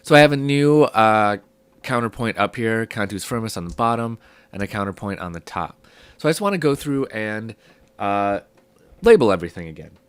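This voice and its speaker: A young man with a sick, hoarse voice, casually teaching a music theory lesson step by step. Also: fairly low pitch, moderate pace, no room sound. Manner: relaxed, explaining step by step with fillers.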